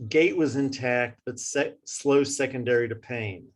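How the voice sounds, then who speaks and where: A man presenting a clinical case, reading physical exam findings in a brisk, matter-of-fact way. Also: medium pitch.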